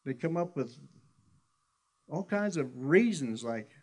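A man's voice: on the high side, animated, takes it slowly. A middle-aged man preaching a sermon in a conversational, folksy storytelling way, often restarting his sentences. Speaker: pastor.

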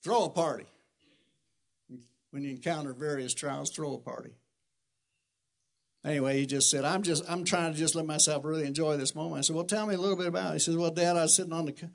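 A middle-aged man, a pastor, preaching a sermon and telling a family story, jumping from loud shouted quotes to soft, hushed prayer. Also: fairly high pitch, creaky.

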